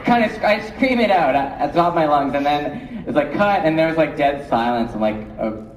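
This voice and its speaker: A young man tells a panel story with a lively voice that swings up and down. He speaks into a handheld mic in a big, echoey convention hall, a little distant from the recording, with faint noise behind. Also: fairly high pitch, fairly quick, dull audio, crowd noise. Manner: animated storytelling with laughs. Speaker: actor panel guest.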